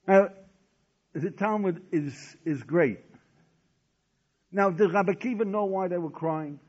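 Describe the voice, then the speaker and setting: High-voiced man preaching, dull recording. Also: measured pace, pauses often, darkish tone. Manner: dramatic storytelling with rhetorical questions. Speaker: rabbi teaching a Talmud lesson. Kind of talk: sermon.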